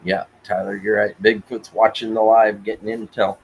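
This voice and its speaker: A man from Oklahoma co-hosting a casual live podcast, joking in a dry, deadpan way. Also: on the low side, moderate pace, slight background noise, rough recording. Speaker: podcast co-host.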